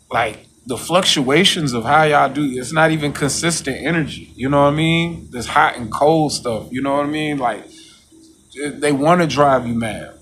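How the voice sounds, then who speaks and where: A man's voice: fairly bright tone, slight background noise. A man talking, preaching and repeating his phrases as he goes. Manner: preachy, repeats "you know what I'm saying"; mocks coworkers in a high voice. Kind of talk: casual monologue vlog.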